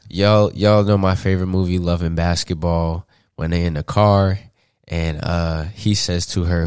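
Low-voiced young guy from atlanta on a podcast, casual slangy stories, laughs a lot, dry mic. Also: measured pace, clear, resonant tone, no echo. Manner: animated, slangy, laughs often. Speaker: podcast guest. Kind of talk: casual storytelling.

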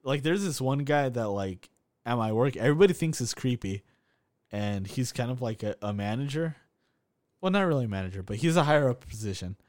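A man's voice: mid-range voice, lively intonation, fairly quick, darkish tone. A young man co-hosting a casual podcast, telling stories between frequent laughs and swearing. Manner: storytelling, swearing, laughing often. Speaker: podcast co-host. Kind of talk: casual chat.

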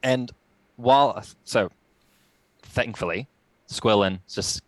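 A young man telling his story as a guest, reflective and halting with many restarts. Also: low voice, a bit bright, no room sound, poor audio. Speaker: podcast guest. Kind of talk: casual storytelling.

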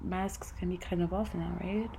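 A teenage girl co-hosting a casual podcast, bubbly and laughing, swinging between excited bursts and mumbles. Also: fairly low pitch, moderate pace, gravelly, husky. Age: teens. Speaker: podcast co-host. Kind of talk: casual chat.

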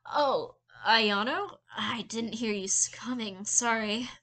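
A woman's voice: fairly high pitch, slow pace, a bit bright. A woman voicing an awkward, polite teenage schoolboy who mumbles through a headache.

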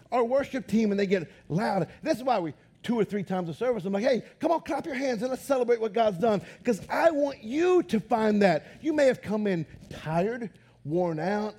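A man preaching a lively sermon as pastor in a church, talking loud, excited and animated. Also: very high voice, normal speed, slightly rough. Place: church auditorium.

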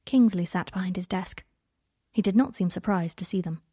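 A woman narrating a story in an even, quiet storytelling manner. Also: on the low side, normal speed, slightly rough, no room sound, studio quality. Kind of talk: storybook reading.

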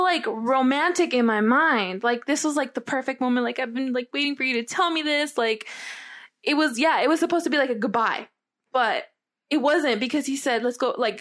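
A young woman with a slightly high voice tells a personal story in a loose, chatty way. She rambles, leans on "like" constantly and swears freely, talking to a friend rather than performing. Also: fairly bright tone. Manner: rambling, heavy use of "like", candid and swearing. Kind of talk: casual storytime chat.

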